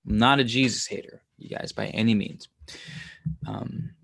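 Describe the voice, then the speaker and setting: A man's voice: fairly low pitch, steady tone, normal speed, gravelly, a bit bright. Man, casual livestream host, profane, irreverent, rambling musings. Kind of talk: casual livestream commentary reading scripture aloud.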